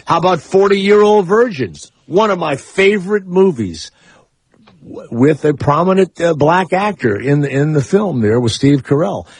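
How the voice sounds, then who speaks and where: Husky, animated radio host man. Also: fairly high pitch, moderate pace. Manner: rambling, opinionated, animated. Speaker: radio talk show host. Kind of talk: casual talk radio chat. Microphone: studio microphone.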